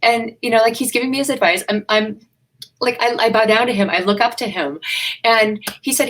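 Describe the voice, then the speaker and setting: A woman's voice: a little high, fairly even intonation, fairly quick, poor audio. A woman business coach, a guest in a live online interview, speaking earnestly and emphatically. She repeats phrases for effect and tells candid, self-deprecating stories.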